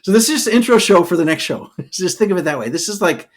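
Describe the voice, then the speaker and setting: A man co-hosting a podcast, telling history as a loose, animated story, full of "okay" and "all right" asides. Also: high voice, fast. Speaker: podcast co-host. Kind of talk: casual storytelling chat.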